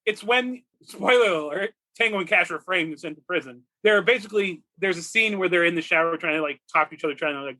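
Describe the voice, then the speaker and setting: A man in his forties from California, co-hosting a movie podcast, rambling excitedly and laughing often. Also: sits high. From Redlands, California. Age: 40s. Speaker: podcast co-host. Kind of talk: casual movie podcast chat.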